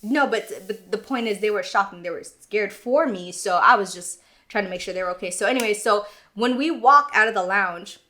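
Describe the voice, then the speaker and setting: A woman's voice: medium pitch, fairly quick, pushed and bright. A woman co-hosting a podcast, telling a personal story in a subdued, earnest casual way. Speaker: podcast co-host.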